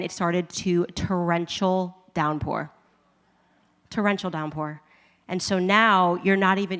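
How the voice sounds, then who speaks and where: Woman telling a lively story. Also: fairly low pitch, in a large hall. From United States. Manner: animated, laughing often, acting out her own reactions. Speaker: commentator. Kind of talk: personal testimony storytelling.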